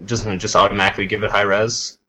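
A man's voice: on the low side, level tone, fast talker, pushed and bright, low-quality recording. A man co-hosting a gaming podcast, chiming in with jokey remarks and laughter. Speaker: podcast co-host. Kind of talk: casual chat.

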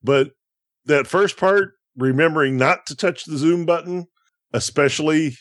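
A man's voice: a little high, a little slow, fairly bright tone, no echo. Male co-host, plain explainer tone, dry sound. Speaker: game podcast co-host. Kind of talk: casual gameplay commentary.

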